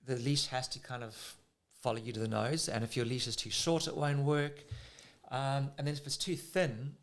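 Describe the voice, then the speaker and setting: A man with a South African accent, a surf coach explaining technique in casual talk, getting excited and using everyday comparisons. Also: medium pitch, normal speed.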